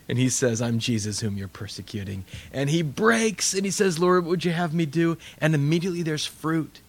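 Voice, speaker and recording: Animated male preacher telling stories. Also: mid-range voice. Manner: animated storytelling, acts out quoted voices. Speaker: pastor. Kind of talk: sermon.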